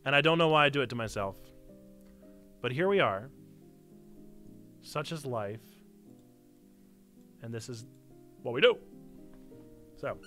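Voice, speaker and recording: A man's voice: medium pitch, animated, measured pace, pauses often, bright, forceful tone, soft background music. A man hosting a casual live stream, chatting playfully with viewers and poking fun at himself. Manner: playful, self-mocking, chatty asides to chat. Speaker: streamer and church community host. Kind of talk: casual live-stream chat with reading aloud.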